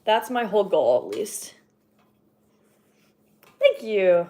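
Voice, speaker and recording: A young woman, a livestreamer and horn player, chats casually on stream in loose, rambling sentences full of fillers and easy laughs. Her ordinary mid-pitched voice has a slightly breathless edge, as though she's been talking a lot. She sounds very animated and mellow while speaking slowly.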